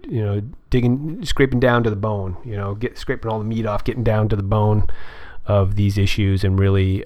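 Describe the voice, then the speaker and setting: A middle-aged man with a lowish voice hosts a casual political chat, rambling along with plenty of ums and restarts. His throat sounds dry. The recording is dead dry, with no room sound at all. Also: a little mellow, dry recording. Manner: rambling, halting, many fillers and restarts. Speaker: podcast host.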